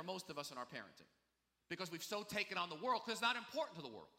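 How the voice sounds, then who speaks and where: A man's voice: sits high, sing-song, quick pace, sharp tone, big-room sound. A man preaching a sermon as pastor, in a conversational, confessional way with many asides.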